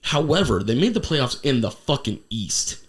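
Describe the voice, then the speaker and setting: A man hosting a casual podcast from his home studio, sucking on cough drops for a sore throat, talking excitably and swearing as he laughs. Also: medium pitch, moderate pace. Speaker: podcast co-host.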